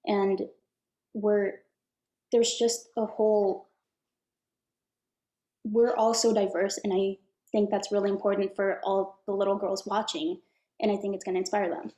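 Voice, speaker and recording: A woman's voice: medium pitch, little pitch movement, measured pace, pauses often, mellow. A woman answering interview questions as an actress, in an earnest and enthusiastic way. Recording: echoey room.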